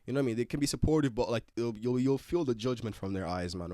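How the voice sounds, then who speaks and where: A man's voice: mid-range voice, fast, hardly any pauses, dark tone, no echo. Slangy young Irish man, dry sound. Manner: rambling, slangy, with restarts. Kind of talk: casual chat.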